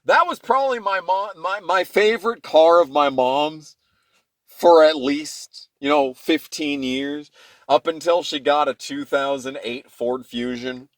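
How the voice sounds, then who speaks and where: Young dude ranting through storytime, kinda high voice, cursing a lot, dead dry sound. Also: male voice, measured pace, dry recording. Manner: profane, rambling, animated storytelling with swings between loud rants and low mutters. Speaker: channel host. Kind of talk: casual storytime monologue.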